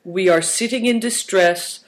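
A man's voice: high-pitched, measured pace, voice pushed up. A man reading aloud who voices a meek, polite young boy speaking in formal, courteous phrases.

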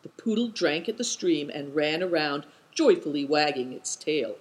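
An audiobook narrator reading an adventure tale. The delivery is measured and descriptive, and the pitch rises and falls expressively. The voice sits in a middle register. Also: expressive, rough recording.

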